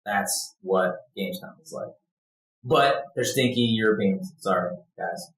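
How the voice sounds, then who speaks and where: A man's voice: fairly low pitch, a little slow, a bit bright. A man riffing and joking through a casual chat among friends. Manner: jokey riffing. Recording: roomy echo.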